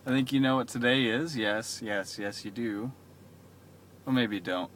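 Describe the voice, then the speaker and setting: A man's voice: mid-range voice, normal speed, a bit bright, slight background noise. A young man rambling through a chatty, self-mocking vlog story into his camera. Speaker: vlogger. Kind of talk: casual vlog monologue. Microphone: camera mic.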